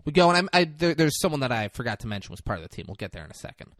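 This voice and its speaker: A man's voice: mid-range voice, no echo, studio quality. Casual, profane male podcast co-host. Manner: profane, animated retelling with quick quoted lines. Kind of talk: casual chat recapping a film.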